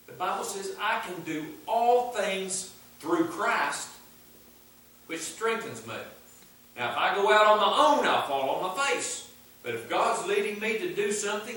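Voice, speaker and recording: A man with a high, somewhat bright voice preaches fervently in a church sanctuary, hammering his points and returning to the same refrains. The recording is distant and full of church echo.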